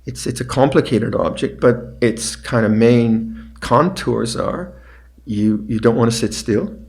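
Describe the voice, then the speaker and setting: An older man gives a dharma talk at a meditation retreat. His voice sits at an ordinary mid pitch, calm and unhurried. He often repeats short phrases more quietly. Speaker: meditation teacher.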